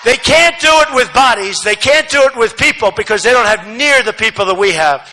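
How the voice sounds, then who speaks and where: Bright, high-voiced man shouting a rally speech. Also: expressive, brisk, slight background noise, rough recording. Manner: repetitive, emphatic, rambling asides; swings between shouting and muttering. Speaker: political speaker at a rally. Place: large rally venue, no seating.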